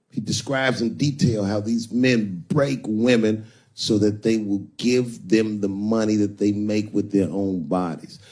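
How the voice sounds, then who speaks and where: A man's voice: lowish voice, slightly rough. A male stand-up comedian telling a crude, punchy story on stage.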